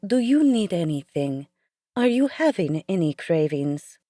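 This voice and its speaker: A woman voicing a kind, bustling female caretaker with an Eastern European accent, coaxing and brisk. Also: on the low side, sing-song, dark tone, no echo. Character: kindly female caretaker with a foreign lilt.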